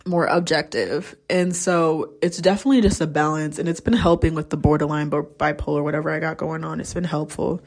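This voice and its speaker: A woman's voice: on the low side, darkish tone. A young adult woman hosting a podcast, talking candidly in a casual solo monologue and swearing freely. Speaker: podcast host.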